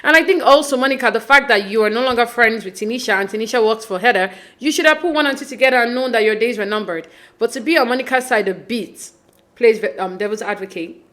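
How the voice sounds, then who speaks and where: A woman's voice: on the high side, fast talker, a bit bright. A woman hosting a casual podcast recap of a reality show, chatty and opinionated, with lots of fillers and restarts. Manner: acts out quoted lines with mock voices.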